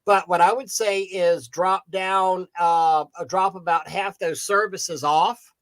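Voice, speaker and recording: A man's voice: sits high, fairly even intonation, slow, a bit bright. A man co-hosting a casual live video chat, giving frank advice with frequent restarts. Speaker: co-host.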